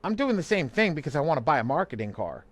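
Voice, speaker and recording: Very animated and quick, a man with a fairly high voice co-hosts a live online money class, where he works as a credit coach. He rambles, restarts frequently, and laughs easily, with no echo on the recording.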